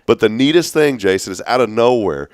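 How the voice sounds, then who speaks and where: A young father co-hosting a talk show, telling warm stories about his small children and imitating what his daughter says. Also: medium pitch, lively intonation, fairly quick, clear, resonant tone, no echo, clean studio sound. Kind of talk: casual chat, telling family stories.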